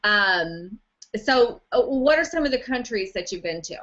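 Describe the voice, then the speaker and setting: A woman's voice: mid-range voice, expressive, measured pace, fairly bright tone. A woman interviewing a guest, reacting with short encouraging remarks and asking open questions. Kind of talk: casual interview. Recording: dull lo-fi sound.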